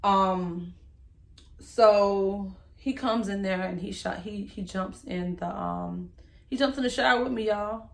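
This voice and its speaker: A young woman, emotionally recounting a personal story to the camera in a candid, halting way and speaking straight to her viewers. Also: mid-range voice, vocal fry. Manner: candid, halting, speaks to viewers as "y'all", voice rises when reliving moments. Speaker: vlogger telling her story.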